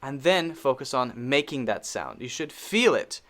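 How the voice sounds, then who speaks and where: A pronunciation teacher with an American accent works through a lesson at an unhurried, measured pace. The voice sits at a middling pitch and patiently repeats each sound several times over. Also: big pitch swings, fairly bright tone. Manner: slow, deliberate, repeats and models sounds.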